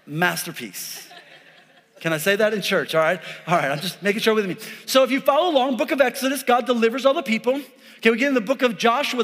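A man in his forties preaches a sermon in a church sanctuary, his voice high and a bit bright, echoing in a large hall. He jokes and keeps things conversational, often checking in with the congregation with "all right?"

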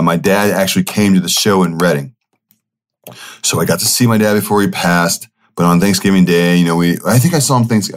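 A young man hosting a podcast, telling a personal story in a loose, rambling way with many fillers and self-corrections. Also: low-pitched. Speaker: podcast host. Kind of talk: casual storytelling monologue.

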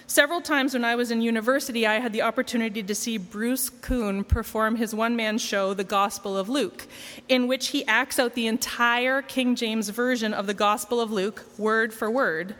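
A woman's voice: a little high, fairly even intonation, normal speed, fairly bright tone, in a large hall. A woman preaching a sermon in a conversational, wry, self-deprecating way. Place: church.

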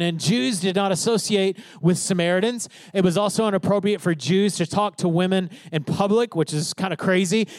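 A man with a notably high voice delivers a sermon, leaning hard on key phrases and asking his listeners whether they are with him. The sound is close and dry, with no room around it. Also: dry recording. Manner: emphatic preaching, stresses key phrases, checks in with listeners. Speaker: pastor.

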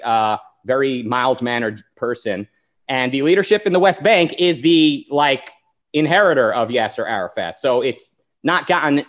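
An American man co-hosting a political podcast, arguing in a sarcastic, restless way with many restarts. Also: a little high. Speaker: podcast co-host. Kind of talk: casual political debate.

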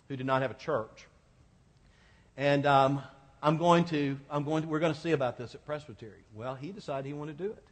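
A man, a pastor, preaching a sermon and telling a personal story in a conversational, animated way. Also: on the high side, big-room sound. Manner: conversational, animated retelling with laughs.

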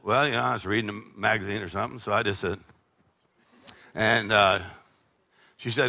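Older pastor, gravelly bright voice, fiery call-and-response preaching. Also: male voice, lowish voice, fairly even intonation, normal speed, long pauses. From Texas. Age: 60s. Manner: preachy call-and-response with shouted peaks and laughing asides. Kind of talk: sermon.

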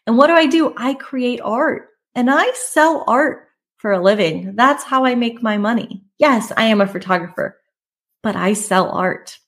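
A woman in her thirties hosts a podcast for photographers. She talks in a candid, conversational way at a middle pitch, with emphatic lifts on key points. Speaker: podcast host and photography business coach. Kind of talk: personal storytelling monologue.

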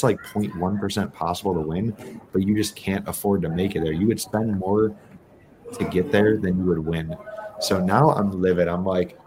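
A man's voice: deep voice, a little hiss or hum. A man from New England, a podcast guest, telling a casual story with lots of swearing and acted-out quotes. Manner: animated, profane, acts out quotes.

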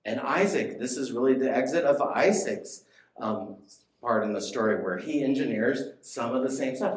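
A man's voice: mid-range voice, normal speed, echoey room. A man preaching a sermon in a conversational way, often asking his listeners questions.

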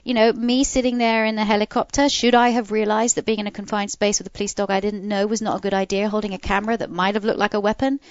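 A woman's voice: medium pitch, level tone, fast, few pauses, dry recording, dull audio. Candid woman dog trainer talking. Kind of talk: casual conversation.

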